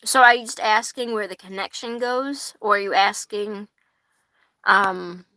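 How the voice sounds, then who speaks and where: A woman's voice: medium pitch, a little slow, sharp tone, no echo. A young woman hosting a casual tarot livestream, chatty and rambling, swearing casually and laughing often while eating fries. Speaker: tarot reader and livestream host.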